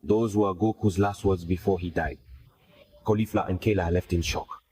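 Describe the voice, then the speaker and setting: Deep-voiced man narrating a story. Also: fairly even intonation, normal speed, noisy background. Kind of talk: scripted narration. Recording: faint music bed under voice.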